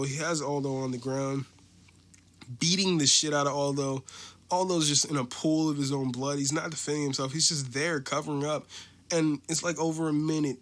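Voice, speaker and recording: A man's voice: mid-range voice, fairly bright tone. A man hosting a casual solo podcast, recapping fights round by round in a loose, profane way full of "like" and fillers. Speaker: podcast host.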